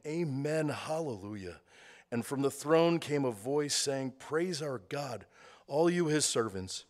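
A man reading a scripture passage aloud in a measured, solemn way, slowing down on key phrases. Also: mid-range voice. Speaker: scripture reader.

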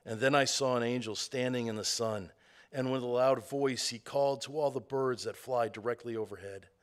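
A man reading a scripture passage aloud in a measured, solemn way, slowing down on key phrases. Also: medium pitch, steady tone. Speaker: scripture reader.

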